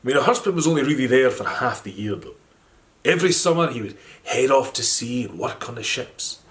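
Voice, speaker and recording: A man with a Scottish accent telling a folk tale in a gentle, animated storytelling manner. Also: mid-range voice, a little fast. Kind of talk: storytelling narration.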